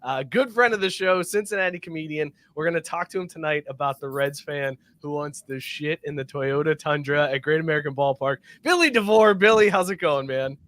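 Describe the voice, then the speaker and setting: A man's voice: fairly high pitch, a little fast, few pauses, fairly bright tone. A man hosting a casual sports podcast, upbeat and teasing, laughing often. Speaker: podcast host.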